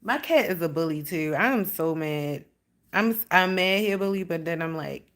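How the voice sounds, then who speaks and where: A woman's voice: on the low side, normal speed, fairly bright tone. A woman chatting on a livestream, rambling and swearing freely as she tells stories. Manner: rambling, profane storytelling with lots of "like". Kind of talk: casual livestream chat.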